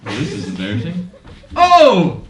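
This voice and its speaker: A man's voice: on the high side, very animated, a little slow, noisy background. A man hosting a live comedy show on a theater stage, playful and exaggerated, laughing often. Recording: roomy sound from far off, loud music.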